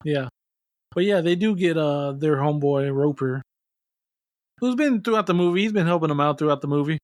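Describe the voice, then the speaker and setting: A man's voice: on the high side, brisk, no echo, studio quality. A man co-hosting a podcast, casually recapping movie scenes and quoting characters in a laid-back way. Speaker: podcast co-host. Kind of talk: casual movie review chat.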